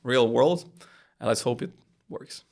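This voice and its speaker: A man's voice: medium pitch, a little slow, gravelly, darkish tone. A man co-hosting a tech podcast, chatting casually with jokey asides during a live demo. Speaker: podcast co-host, company co-founder.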